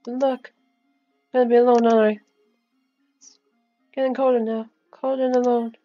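A woman voicing a frail, dying young girl who talks slowly and forlornly, in a game's story scene. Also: on the high side, level tone, highs cut off, soft background music, close to an everyday voice.

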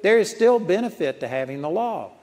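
Folksy preacher in an auditorium. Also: male voice, high voice, very animated, fairly quick, darkish tone. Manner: folksy storytelling, chuckling at his own anecdotes. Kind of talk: sermon. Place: large auditorium. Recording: long auditorium reverb.

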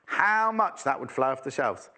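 Animated, chatty male shopping presenter. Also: medium pitch, moderate pace. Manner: chatty, teasing, exclamatory. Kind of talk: live shopping channel chat.

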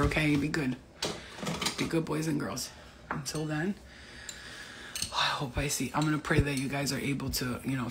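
A woman's voice: very deep voice, heavy background noise. A woman, a spiritual healer and retreat host, chatting casually and effusively on a livestream from home at night, rambling and swearing. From Albanian family.

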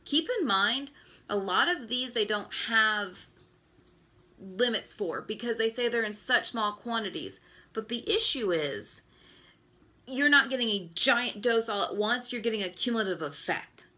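Woman, 30s, bright forceful voice, exasperated, ranting, live stream chat. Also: a little high, animated, unhurried. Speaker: host. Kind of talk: Facebook Live talk.

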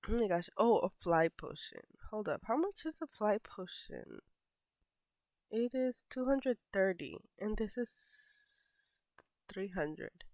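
A woman in her twenties with a sick, stuffy voice, chatting softly over gameplay and trailing into whispers. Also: mid-range voice, huge pitch swings, measured pace, dry recording. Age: 20s. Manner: soft-spoken, drifting into whispers. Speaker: gaming YouTuber. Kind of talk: casual gameplay commentary. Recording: slightly dull lo-fi mic.

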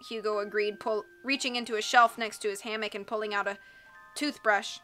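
Bright-voiced woman streamer reading aloud. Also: mid-range voice, steady tone, fairly quick. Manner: chatty, giggly, casual with viewers. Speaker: audiobook reader and live streamer. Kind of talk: live-stream chat and storybook reading. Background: faint background music.

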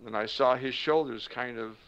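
A man who works as a motivational speaker tells a story in a slow, dramatic way with emphatic pauses. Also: mid-range voice, a bit bright, clear, resonant tone. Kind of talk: storytelling talk to camera. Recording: dull lo-fi sound.

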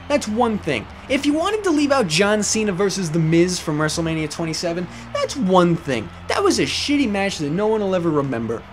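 A let's play commentator ranting with open frustration and plenty of swearing. The voice swings widely up and down, pelting the game's makers with exasperated rhetorical questions. It sits at a middle pitch. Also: big pitch swings, a little fast, few pauses, a little hiss or hum. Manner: angry, profane, exasperated ranting. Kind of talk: gameplay commentary rant.

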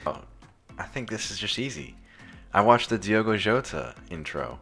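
A man's voice: lowish voice, big pitch swings, normal speed, gravelly, a bit bright, breathy edge, soft background music. An American man, a young adult, thinking aloud through quiz answers in casual, hesitant chat with many restarts. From United States. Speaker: quiz contestant.

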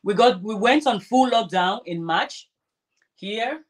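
A woman's voice: medium pitch, expressive, slow, background noise. A woman vlogger chatting casually while sewing, rambling and restarting her sentences. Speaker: crafter vlogger.

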